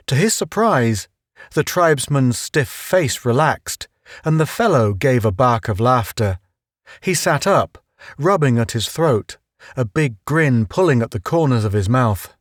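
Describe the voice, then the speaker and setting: A man reads a novel aloud in a measured, even storytelling manner. His pace is slow and his pitch sits in the middle range. The recording is close and dry. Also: no room sound. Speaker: audiobook narrator. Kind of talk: scripted narration.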